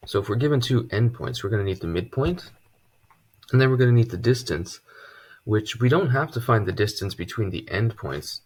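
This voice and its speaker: A man teaching a casual math lesson at a board, relaxed and chatty, with joking asides. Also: on the low side, breathy edge. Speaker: math tutor.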